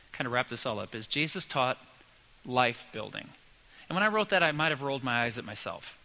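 Casting note: man in his 40s, pastor, sermon with everyday anecdotes, very bright tone, acts out the voices he quotes. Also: medium pitch, rough recording. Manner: conversational storytelling with lively quoted voices.

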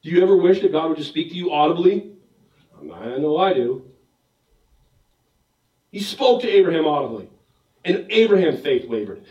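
A man's voice: a little high, lo-fi sound. A man preaching a sermon, telling the story with jokes and acting out the voices of the people in it. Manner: animated, joking storyteller acting out bits. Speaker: pastor. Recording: roomy echo, mic at a distance.

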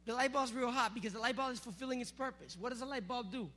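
A man preaching to a youth group, energetic and teasing, calling out to the crowd. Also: very high-pitched, fast talker. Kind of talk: sermon with object lesson.

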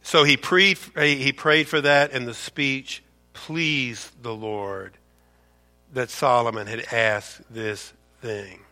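A man's voice: mid-range voice, fairly even intonation, slow, pushed and bright. A man preaching a sermon as a pastor, emphatic and preachy, repeating words and asking rhetorical questions. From United States.

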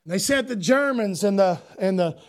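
A man preaching a sermon as pastor. He swings between loud shouted preaching and quieter storytelling. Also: high-pitched, lively intonation, moderate pace. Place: church.

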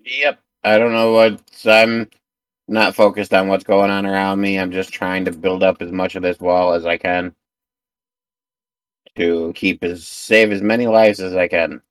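A man playing a tabletop game, matter-of-fact and focused. His voice sits a bit low. The sound is dry and picked up from a distance. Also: little pitch movement, a little slow, clear, resonant tone, dry recording. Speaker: player.

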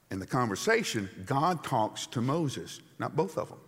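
A man preaching a sermon in a conversational, animated storytelling way. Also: mid-range voice, normal speed, few pauses, husky. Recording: long hall reverb.

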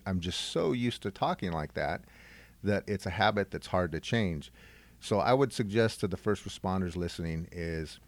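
Deep-voiced middle-aged man giving earnest advice. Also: no echo. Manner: earnest, advice-giving, repeats points for emphasis. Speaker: guest, retired first responder. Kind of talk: reflective podcast interview.

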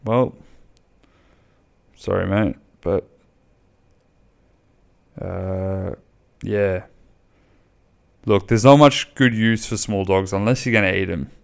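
Gravelly man, rambling and sweary. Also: deep voice, steady tone, slow pace, long pauses. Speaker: podcast host. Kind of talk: casual solo podcast chat.

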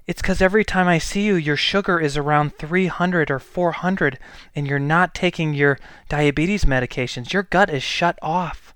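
A man who works as a healthcare provider delivers a blunt, exasperated monologue, pressing each point hard. His voice sits a little high and sounds smooth and resonant. The recording is dry and close, with no room echo. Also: normal speed, fairly bright tone. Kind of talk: opinion monologue.

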